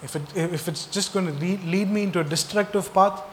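In a large, reverberant hall, a pastor with a slightly high voice preaches briskly and asks his listeners emphatic rhetorical questions. Faint noise sits beneath his words.

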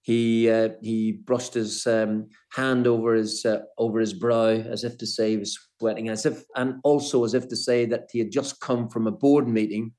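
Older man, interview guest, middle pitch, halting, repeats words. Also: level tone, warm tone. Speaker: former footballer, guest. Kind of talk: interview, storytelling.

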